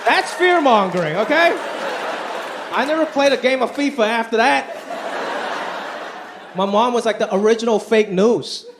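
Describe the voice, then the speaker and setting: Performing comedy live, a man speaks in a very high-pitched, expressive voice at normal speed, leaving long pauses. He's animated and does quoted voices while the audience laughs, amid crowd sound and faint noise.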